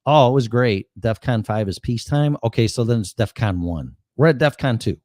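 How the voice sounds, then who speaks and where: A man's voice: medium pitch, expressive, a little fast, darkish tone, no room sound, studio quality. A man in his sixties from Chicago, with a Chicago accent, hosting a casual live-stream monologue in a blunt, profane and rambling way. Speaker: show host.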